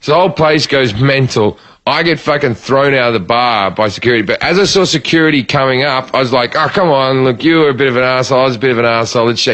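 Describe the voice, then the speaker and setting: Profane Australian man telling a story. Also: mid-range voice. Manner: profane, animated, acts out quoted lines. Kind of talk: casual podcast storytelling.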